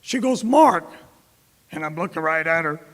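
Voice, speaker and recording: In this storytelling keynote, a middle-aged Tampa native quotes others and voices their dialogue as he recounts anecdotes. He speaks quickly with a high, expressive, sharp-toned voice, and the hall echoes around him.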